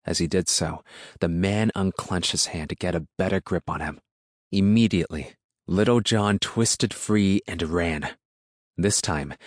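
A man narrating an audiobook in a steady, measured way. His voice is very low and deep. The recording is dry, with no room sound. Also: dry recording. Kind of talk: scripted narration.

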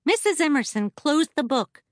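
Bright-voiced woman narrating a children's audiobook. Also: sits high, sing-song, moderate pace, dry recording, clean studio sound. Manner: cheerful, chatty first-person narration. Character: a stuffed toy telling the story, the teacher's favorite.

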